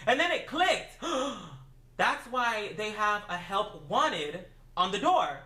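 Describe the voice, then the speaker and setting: A woman tells a story straight to camera, sassy and foul-mouthed, throwing herself into every beat of the retelling. Her voice has a bright, forward edge, and the room around her echoes noticeably. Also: mid-range voice, slow. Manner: sassy, profane, animated retelling. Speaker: vlogger. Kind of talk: casual storytime rant. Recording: roomy echo.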